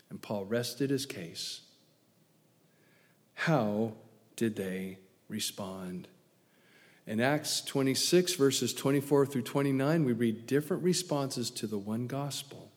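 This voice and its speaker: A man preaching a sermon, telling the story with energy, acting out the quotes and dropping from loud to hushed. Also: mid-range voice, lively intonation, slow. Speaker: pastor. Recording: long hall reverb.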